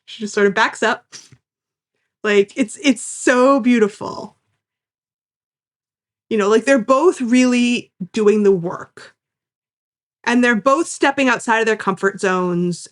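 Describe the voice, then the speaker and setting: Woman co-host, recap chat, mid-pitched voice, keen and animated. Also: takes it slowly, pauses often. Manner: enthusiastic, acts out characters' lines while recapping. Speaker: podcast co-host. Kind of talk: casual podcast recap chat.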